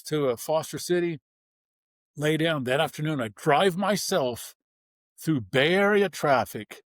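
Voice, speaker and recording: Speaking in a fairly high voice on a dry recording, this interview guest, once a professional football player, gives a blunt, vivid account and plays out other people's dialogue himself.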